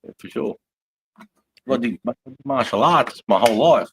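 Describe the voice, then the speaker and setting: A man's voice: medium pitch, expressive, moderate pace, fairly bright tone, slight background noise. An Australian man on a live stream, blunt and jokey, calling people bro and mate. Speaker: guest on a livestream. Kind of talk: casual live-stream chat.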